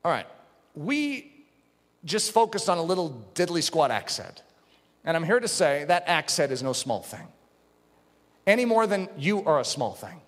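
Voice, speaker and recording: A man's voice: high-pitched, big pitch swings, moderate pace, pauses often. Fervent preacher man in a reverberant hall. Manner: impassioned, swings from hushed to shouting. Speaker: pastor. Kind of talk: sermon.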